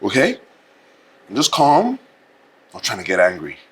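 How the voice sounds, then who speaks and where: An actor with a Nigerian accent playing a defensive, scornful man who angers quickly. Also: lowish voice, wildly swooping pitch, slightly rough, exaggerated voice. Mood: indignant. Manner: indignant, scornful. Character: proud defensive man, quick to anger, dismissive of his fiancée. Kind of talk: film drama acting.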